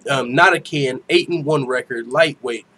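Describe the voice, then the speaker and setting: A man's voice: medium pitch, moderate pace, bright, forceful tone, slightly rough. A man hosting an MMA podcast in loose, slangy casual chat, laughing often. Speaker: podcast host.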